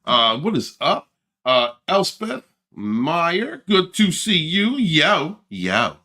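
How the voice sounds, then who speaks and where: A man's voice: a little high, huge pitch swings, slow, sharp tone. A middle-aged man hosting a casual livestream, joking, laughing and greeting viewers in the chat. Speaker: livestream host.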